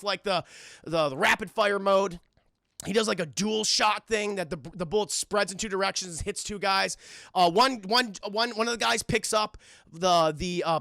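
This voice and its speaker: A man streaming a casual, profane, animated film recap, constantly calling out to his chat. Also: high-pitched, creaky, dry recording, clean studio sound.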